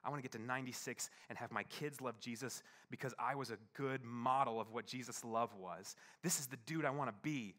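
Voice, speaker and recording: A young adult man, a pastor, telling a personal story in a sermon, halting and full of fillers, turning hushed as it grows tender. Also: mid-range voice. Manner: halting, many fillers, shifts from playful to hushed and tearful.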